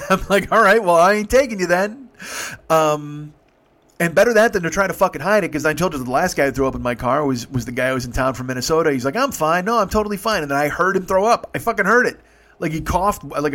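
A man talks quickly through a casual storytelling monologue. His voice sits at a middle pitch, and he swears freely as he acts out both sides of each exchange. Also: a bit bright. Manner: profane, conversational, acts out both sides of dialogue. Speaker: rideshare driver telling stories.

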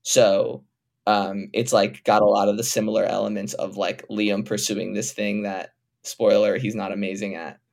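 Male guest comedian, casual filler-heavy talk, low creaky voice. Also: flat delivery. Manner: talks fast with many fillers, laid-back. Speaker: comedian and film director, guest. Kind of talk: casual interview.

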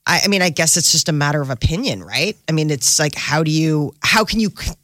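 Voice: medium pitch, lively intonation, a little fast, a bit bright, dry recording, studio quality. Chatty, giggly radio co-host. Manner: chatty, giggly, lots of fillers. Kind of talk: morning radio banter.

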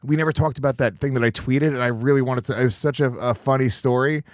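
A man's voice: mid-range voice, steady tone, quick pace, no room sound, clean studio sound. A man hosting a podcast, talking in rambling, self-deprecating banter with plenty of swearing. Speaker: podcast host.

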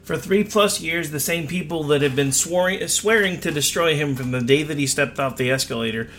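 A man's voice: a little high, fairly quick, fairly bright tone, slight background noise. A man co-hosting a podcast in casual political chat, emphatic and repeating his points. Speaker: podcast co-host.

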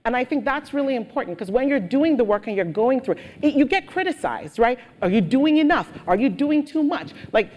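A woman guest speaker telling stories with animated energy in a live on-stage interview. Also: high voice, brisk, few pauses. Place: auditorium with audience. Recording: long hall reverb.

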